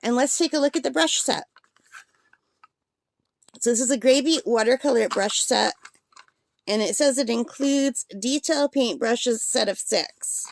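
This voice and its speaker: A woman's voice: fairly high pitch, measured pace, vocal fry, pauses often. A woman chatting casually through an art supply unboxing, rambling with fillers while she has the hiccups.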